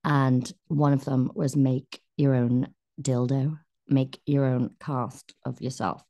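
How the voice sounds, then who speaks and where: A young Welsh actress telling lively anecdotes in a podcast chat, acting out quotes and talking in quick bursts. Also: female voice, very deep voice. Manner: animated storyteller, acts out quotes, quick bursts. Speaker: actress guest.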